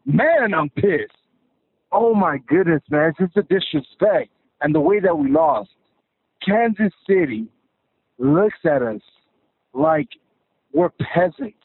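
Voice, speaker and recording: A man's voice: a little high, slightly rough, no echo. A man from California calling a sports radio show, ranting in an exasperated, profane way. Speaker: caller. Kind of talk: sports radio call-in rant. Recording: tinny phone line.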